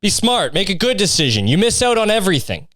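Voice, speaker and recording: A man's voice: high voice, big pitch swings, quick pace, fairly bright tone, no echo, clean studio sound. A young man hosting a solo comedy podcast, rambling through a crude, insult-heavy rant. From Canada. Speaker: podcast host.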